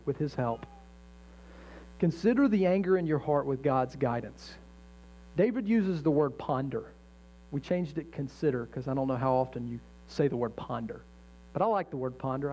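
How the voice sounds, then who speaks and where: A man's voice: a little high, dark tone. Conversational male pastor preaching a sermon. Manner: conversational, self-correcting, emphatic preaching. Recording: dull lo-fi sound with faint mains hum.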